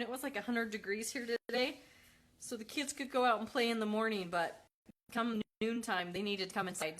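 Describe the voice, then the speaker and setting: Bright-voiced mom hosting a craft stream. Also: female voice, medium pitch. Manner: chatty, loose, with frequent ums and self-corrections. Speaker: craft livestream host and mother. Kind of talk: casual live demo, reading viewer comments. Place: at home with her kids.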